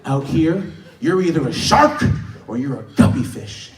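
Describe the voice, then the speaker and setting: Guy doing a gruff tough-guy passenger, low and menacing, echoey club sound. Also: expressive, measured pace, distant mic. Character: aggressive buff male passenger, intense.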